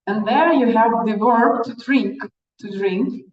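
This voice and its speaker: A woman teacher speaks slowly and patiently, repeating words for beginners. Her voice sounds distant from the mic in a roomy space with reverb. The recording is dull and lo-fi. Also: a little high, darkish tone. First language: Russian. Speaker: Russian language teacher. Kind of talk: classroom language lesson.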